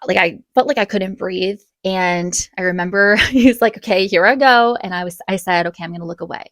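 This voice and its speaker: A young woman telling a casual storytime vlog, chatty and animated, with quick bursts and gasps. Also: lowish voice, dry recording. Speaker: vlogger.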